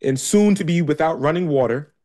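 A man's voice: fairly high pitch, expressive, brisk, mellow. Hesitant man building to emphatic questions. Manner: hesitant, many fillers, building to emphatic repetition. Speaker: speaker. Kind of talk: casual monologue.

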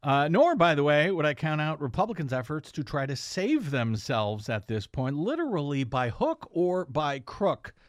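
A man hosting an opinionated political news commentary show, sarcastic and halting, with frequent "uh" fillers. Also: a little high, big pitch swings, dry recording, studio quality.

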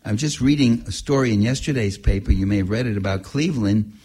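An older man, a writer and activist, giving a talk full of anecdotes in a husky voice, animated and laughing at his own stories. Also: fairly low pitch, fast.

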